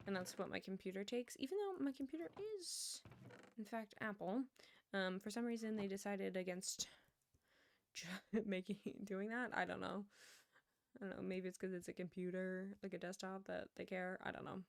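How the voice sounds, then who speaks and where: A woman's voice: medium pitch, normal speed, creaky, dry recording, clean studio sound. A woman streamer chatting casually while she plays, rambling and laughing often. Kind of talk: casual chat while gaming. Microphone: wired earbuds with a headset mic.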